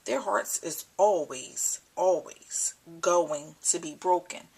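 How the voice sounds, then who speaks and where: A young mother talking to the camera at home, emotional and choked up, halting and repeating herself. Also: on the low side, gravelly, a little mellow, slightly rough. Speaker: mother vlogger. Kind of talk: personal vlog talk. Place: at home indoors. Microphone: camcorder built-in mic.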